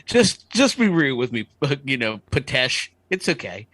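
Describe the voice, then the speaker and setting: A man's voice: mid-range voice, very animated, measured pace, fairly bright tone, no room sound. A man co-hosting a casual podcast, joking and laughing often with casual swearing. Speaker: podcast co-host.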